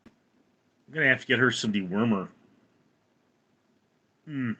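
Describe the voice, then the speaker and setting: A man's voice: mid-range voice, slow, pushed and bright, breathy edge, low-quality recording. Rambling man chatting on a livestream. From California. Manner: rambling, reads chat aloud. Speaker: livestream host. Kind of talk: casual livestream chat.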